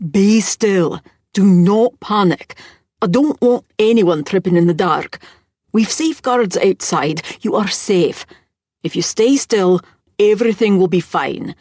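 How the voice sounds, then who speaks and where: A woman doing a firm, commanding baritone man. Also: measured pace, a little mellow, no echo, close to an everyday voice. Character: calm authoritative man, deep baritone.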